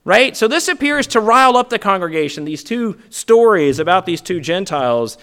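A man's voice: high-pitched, normal speed, clear, resonant tone. A man preaching a conversational sermon, often asking "right?" and acting out the crowd's lines. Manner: acts out the crowd's lines in a lively put-on voice.

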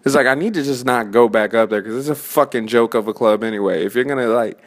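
A man's voice: medium pitch, quick pace. A man in his twenties, an open-mic comedian, ranting casually in a profane, rambling way and restarting his sentences often. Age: 20s. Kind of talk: casual rant.

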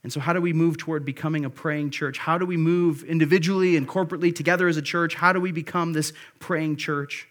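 A man's voice: a little high, steady tone, fast, hardly any pauses, fairly bright tone. Earnest male pastor preaching. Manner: earnest, exhorting, rises for emphasis. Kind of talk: sermon.

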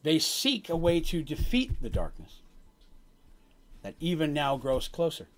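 A solemn tribal prophetess foretells a dark season, as a man game master puts her on. She speaks slowly and gravely, in long weighty phrases. Her pitch moves up and down a lot. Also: very animated. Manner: slow, grave pronouncements.

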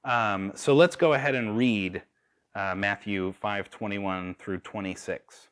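A man's voice: lowish voice, steady tone, unhurried. Man preaching a casual sermon. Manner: conversational with fillers and restarts, laughs at own stories.

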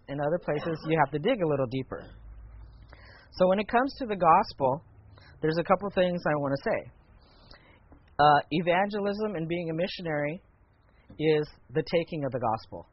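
A man teaching a church class in a conversational, animated way, in a muffled lo-fi recording. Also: a little high, breathy edge. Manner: conversational, animated when retelling a story.

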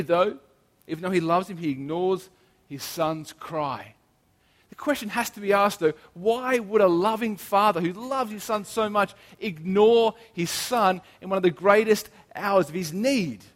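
A man delivers a sermon with earnest emphasis, drawing out key phrases slowly. His voice sits a little high for a man. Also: in a large hall. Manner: earnest, emphatic preaching with slow stressed phrases. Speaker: preacher.

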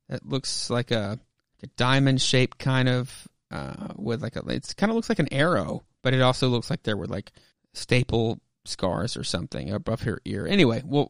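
A man's voice: medium pitch, creaky, dry recording. A man hosting a podcast, casually recapping a comic book in a rambling way with lots of fillers and swearing. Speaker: podcast host.

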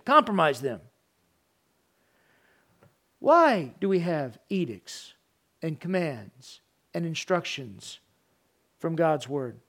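A middle-aged man preaching a sermon, animated, acting out parents and children in raised voices. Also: on the high side. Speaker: pastor.

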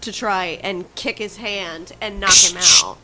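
A woman's voice: mid-range voice, expressive, slow pace, crowd noise, poor audio. A woman in a tabletop game, matter-of-factly explaining her moves in casual banter. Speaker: player.

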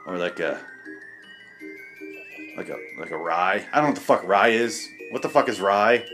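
A man's voice: lowish voice, animated, normal speed, a bit bright, faint music behind. A man hosting a podcast, delivering a profane, sarcastic comedic rant that stumbles over its own restarts. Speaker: podcast host.

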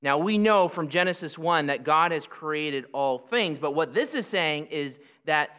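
A man delivers a sermon in a bright, forceful voice pitched a little high for a man. He teaches patiently, slowing down to stress key phrases and sometimes stumbling over restarts. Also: animated, smooth, in a large hall. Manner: teaching, explanatory, with many restarts and slow emphatic phrases. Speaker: pastor.

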